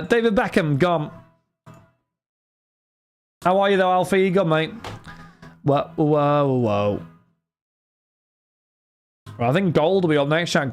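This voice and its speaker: Chatty man hosting a live stream. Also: on the high side. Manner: chatty, addresses chat and viewers by name, frequent restarts. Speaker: livestream host running card breaks. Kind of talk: casual livestream chat.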